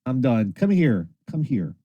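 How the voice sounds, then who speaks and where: A man hosts a late-night stream in a casual, rambling way. His pitch leaps up and down as he talks, and he sounds tired. The close mic makes his voice dry, with no room sound. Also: measured pace, breathy edge, no room sound, muffled recording. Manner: lively, rambling, swears casually. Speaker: internet radio host.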